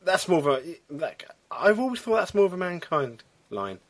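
A man co-hosting a podcast in casual chat. He rambles through long runs with animated bursts, and his voice sits a little high. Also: moderate pace. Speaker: podcast co-host.

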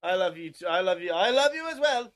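A man's voice: sits high, sing-song, fairly quick, fairly bright tone. A young man co-hosting a podcast, trading dry, joking banter in casual chat. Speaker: podcast co-host.

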